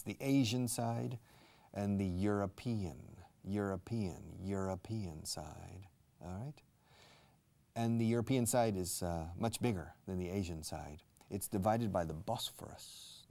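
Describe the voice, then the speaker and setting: A man's voice: on the low side, gravelly, mellow. A man teaching English in a live-streamed lesson, explaining words and dropping into Spanish asides.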